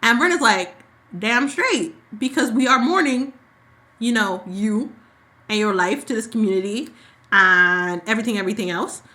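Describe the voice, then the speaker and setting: A bright-toned woman with a slightly high voice. She chats her way through a soap opera recap and slips into the characters' lines with sass. The feel is loose, casual podcast banter. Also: moderate pace. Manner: animated storyteller who acts out characters' lines. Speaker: podcast co-host.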